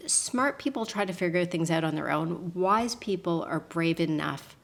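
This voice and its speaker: A woman, a podcast guest telling a personal story with lively voice shifts for the people in it. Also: fairly low pitch, moderate pace, gravelly. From Canada. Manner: acts out quotes with lively voice shifts and laughs.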